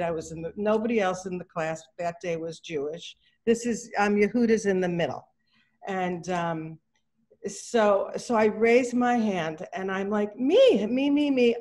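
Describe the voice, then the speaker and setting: A woman's voice: mid-range voice, measured pace, darkish tone. A middle-aged woman telling a story over a video call, chatty and loose. She slips into the voices of the people in her tale, with plenty of ums and restarts along the way. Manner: chatty, acts out quoted dialogue, many fillers and restarts. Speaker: artist giving a talk. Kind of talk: casual anecdotal storytelling.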